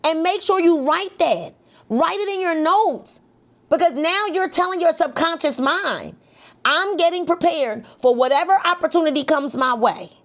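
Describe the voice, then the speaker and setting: A middle-aged woman coaching a live motivational session, energetic and leading the group in call-and-response with lots of repetition. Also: very high voice, moderate pace. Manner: energetic, repeats phrases for emphasis, leads call-and-response.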